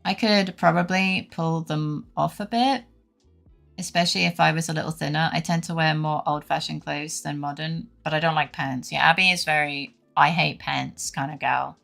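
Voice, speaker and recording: Gravelly woman chatting to her stream. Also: deep voice, steady tone, moderate pace, a bit bright. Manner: laughs often, swears casually. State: feverish, unwell. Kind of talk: casual chat with stream viewers. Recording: faint music behind.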